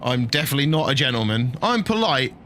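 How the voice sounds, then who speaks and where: A middle-aged man talks casually over a game, rambling, joking and laughing at his own stories. His pitch sits in an everyday middle range. A faint hum of truck engine and game ambience runs underneath. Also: sing-song, quick pace, a bit bright. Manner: chatty, jokey, laughs often, banters with chat. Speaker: streamer playing a truck game. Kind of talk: casual live-stream chat.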